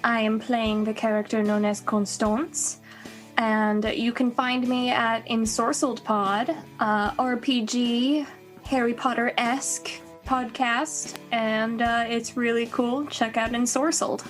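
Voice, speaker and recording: A woman's voice: fairly high pitch, little pitch movement, slow, faint music behind. A woman player introducing herself casually.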